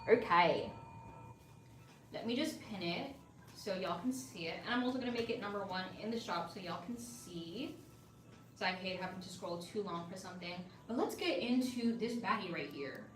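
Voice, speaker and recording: A woman hosting a live shopping stream, chatting upbeat and casual with viewers as she pitches hair-care bundles. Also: normal speed, fairly bright tone, distant mic, faint music behind. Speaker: livestream seller. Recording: echoey room, voice a bit off-mic, faint ambience.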